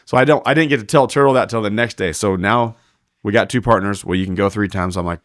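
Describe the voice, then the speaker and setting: Speaking quickly in a low register, a male team roper spins a story as a podcast guest, full of acted-out dialogue and plenty of swearing. The recording is dry and studio-grade, and his casual delivery stays animated throughout.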